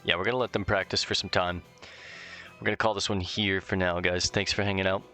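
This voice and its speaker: Laid-back man with a gravelly voice. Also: low voice, level tone, brisk, pushed and bright, soft background music. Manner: self-deprecating, laid-back. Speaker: let's play host. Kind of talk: casual gameplay commentary.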